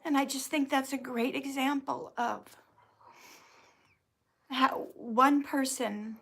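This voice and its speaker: A woman hosting a casual livestream, clearing her throat often and restarting her sentences as she tells a personal story, sounding teary. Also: high-pitched, steady tone, slow, fairly bright tone. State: teary, emotional. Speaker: YouTube channel host answering viewer questions.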